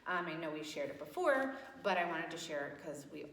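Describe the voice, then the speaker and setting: A woman's voice: low-pitched, big pitch swings, fairly quick, fairly bright tone, slight background noise. A woman teaching young children letter sounds at circle time, asking patient questions and praising answers. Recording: echoey room with long reverb.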